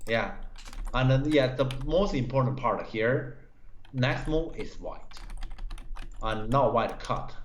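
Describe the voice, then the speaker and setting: Halting man reviewing go games. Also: medium pitch, a little hiss or hum. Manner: halting, many fillers, broken English grammar. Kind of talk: live-stream game review. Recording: roomy, dull stream audio.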